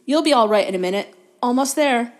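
An earnest young schoolgirl witch speaks up with anxious care, as a woman reading aloud puts her on. The voice rides higher than the reader's narration. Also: animated, a little fast, close to an everyday voice.

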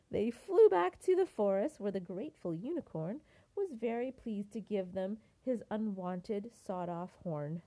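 Older woman, grandmother, picture book read-aloud, expressive, mellow, lively pitch. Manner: expressive, unhurried.

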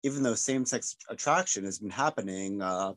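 A man with an American accent hosting a casual podcast discussion, animated and jokey. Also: lowish voice, brisk, dry recording. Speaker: podcast host.

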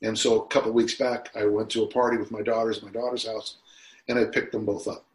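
A man's voice: on the low side, flat delivery, fairly quick. A man in his sixties being interviewed on a podcast, talking in a reflective way that turns emotional at times. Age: 60s. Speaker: guest. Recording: roomy echo.

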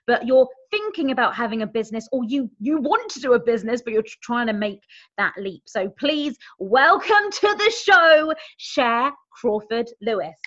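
A woman hosting an interview podcast, speaking in an enthusiastic, chatty way with quick restarts. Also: fairly high pitch, lively intonation, a bit bright. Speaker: podcast host. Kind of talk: upbeat interview chat. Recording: dull lo-fi audio.

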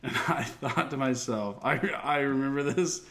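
A man's voice: mid-range voice, normal speed, fairly bright tone. A man and military aviation veteran chatting casually about a close call, laughing often as he talks. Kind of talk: casual conversation.

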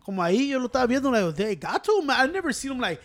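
A man in casual sports chat, talking fast and excitably with slang, switching between English and Spanish mid-sentence. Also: very high voice.

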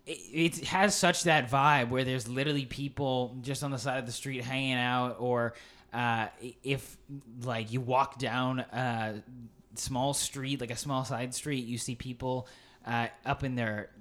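A man's voice: medium pitch, steady tone, measured pace, fairly bright tone. A young man co-hosting a casual movie podcast, gushing with enthusiasm and plenty of filler words. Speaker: podcast co-host. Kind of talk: casual chat.

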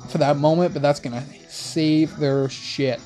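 A young man hosting a rambling late-night monologue in laid-back slang, with soft music playing behind him. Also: fairly high pitch, fairly even intonation, unhurried. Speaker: host. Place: in a car.

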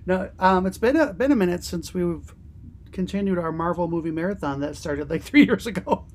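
A woman's voice: fairly low pitch, animated, a little fast, darkish tone, a little hiss or hum. A young woman co-hosting a casual podcast, laid-back and chatty, tossing in slang. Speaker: podcast co-host. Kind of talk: casual chat.

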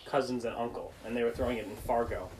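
A man's voice: mid-range voice, fast talker, slight background noise, low-quality recording. A young man, telling a funny story casually with friends and laughing at himself. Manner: animated, self-mocking, laughs through story.

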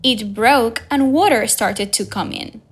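A woman reading a simplified adventure story aloud as the narrator, slowly and evenly, lifting her voice for the quoted lines. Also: on the high side, husky. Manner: slow, even storytelling read with raised voices for quoted lines. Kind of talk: scripted audiobook narration.

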